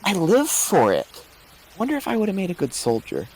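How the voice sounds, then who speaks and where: A man's voice: high voice, moderate pace, a little hiss or hum, pitched above the performer's own voice, rough recording. A man voicing a restless young woman cook. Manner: rambling, animated, frequent fillers.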